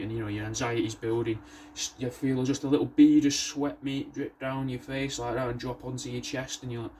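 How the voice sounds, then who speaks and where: A man, rambling through a deadpan sales pitch for his taxidermy art, slangy and swearing, saying "mate" a lot. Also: fairly quick, a little hiss or hum. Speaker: taxidermy artist showing his work.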